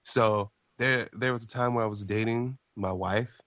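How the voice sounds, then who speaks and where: Animated man telling a story. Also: fairly low pitch, moderate pace, dry recording. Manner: animated storyteller, swears casually. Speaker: podcast co-host. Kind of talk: casual chat, storytelling.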